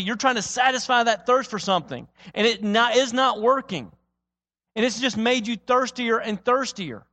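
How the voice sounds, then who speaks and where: A man preaching a sermon, dramatic, moving between loud emphatic lines and quiet, low-spoken ones. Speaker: pastor. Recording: long reverb of a large hall.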